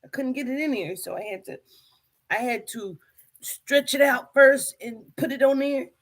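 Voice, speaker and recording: A woman vlogging, telling a comic story to camera in an animated, profane way, with bursts of laughter. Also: sits high, normal speed. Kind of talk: casual comedic storytelling to camera.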